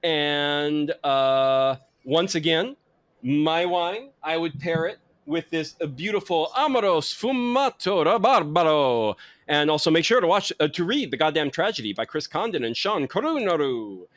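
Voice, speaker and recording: A man's voice: a little high, animated, unhurried, a bit bright, no echo. A man hosting a podcast about wine and comics, talking casually and rambling through his plugs. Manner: rambling, self-correcting plugs. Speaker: podcast host.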